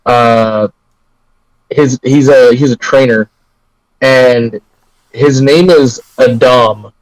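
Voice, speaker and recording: A man in a casual podcast chat, telling a halting anecdote. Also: mid-range voice, no echo, poor audio.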